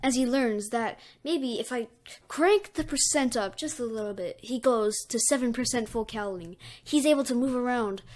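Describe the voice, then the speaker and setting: Woman, improvised fan story narration, rambling, filler-heavy, somewhat high voice. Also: normal speed, darkish tone.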